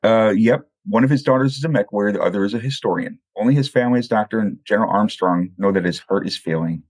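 A man's voice: on the low side, fast talker, a little mellow. A man who is the guest author, chatting casually and explaining his own writing. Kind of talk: casual chat.

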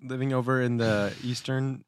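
A man's voice: medium pitch, steady tone, moderate pace, a little hiss or hum. A man co-hosting a podcast, bantering playfully and cracking slangy jokes. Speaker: podcast co-host. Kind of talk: casual chat.

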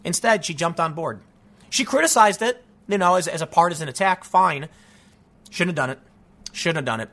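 A man's voice: on the high side, animated, normal speed, bright, forceful tone. A man giving solo political commentary as host, ranting in a frustrated, emphatic way with many restarts.

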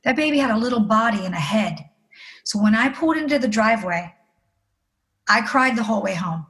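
A woman's voice: a little high, animated, brisk, fairly bright tone, rough recording. Earnest middle-aged woman telling a story. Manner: earnest, emotional, acting out the people she quotes. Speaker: interview guest. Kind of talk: personal storytelling in an interview.

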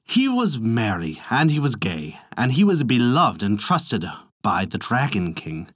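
A man narrating a folk tale as the storyteller and host of a podcast, in a lively, expressive way. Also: mid-range voice, unhurried, slightly rough, dry recording, clean studio sound.

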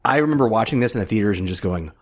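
A man with a fairly low voice co-hosts a casual movie podcast. He chats easily, reacts quickly and adds bits of film trivia. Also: lively intonation. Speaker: podcast co-host.

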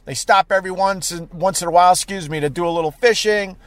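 Brief: high, animated male streamer, dry close sound, rambly storyteller who keeps bursting out loud. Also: quick pace, no room sound. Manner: animated, with sudden loud outbursts and many fillers. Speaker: live streamer. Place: parked car.

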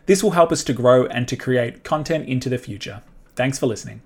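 A man's voice: mid-range voice, brisk, soft background music. A man, a career coach and podcast host, talking to camera in an emphatic, direct way full of rhetorical questions. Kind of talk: motivational solo talk to camera.

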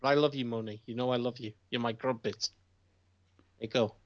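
A man's voice: medium pitch, fairly even intonation, fairly quick, dry recording. A man co-hosting a casual wrestling chat, boastful, teasing and profane. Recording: dull muffled audio.

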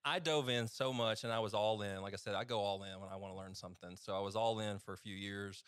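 A man's voice: lowish voice, fairly even intonation, fast, a bit bright, clean tone, dry recording, clean studio sound. A man with an East Texas accent, a physician guest casually telling stories on a podcast, chatty and self-deprecating.

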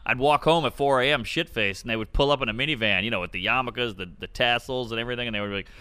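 A man in his twenties with a strikingly old-fashioned voice, bright and crisp. He tells profane anecdotes in an animated way and acts out the people in them. The sound is close and dry. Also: medium pitch, racing, no room sound. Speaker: comedian guest. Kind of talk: casual podcast chat, storytelling.

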